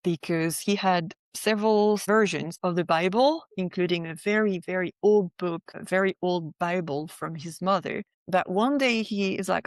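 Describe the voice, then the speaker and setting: A woman's voice: fairly low pitch, moderate pace, hardly any pauses, no echo. A young woman from France, sharing a personal testimony as a podcast guest in a chatty way, peppered with "like" and "right?".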